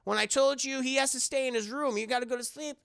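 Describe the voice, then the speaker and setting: Man doing a bossy, scolding aunt, pitched up a bit, gravelly. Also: fairly even intonation, quick pace, no room sound, clean studio sound, exaggerated voice. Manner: loud, scolding. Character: bossy middle-aged aunt babysitter.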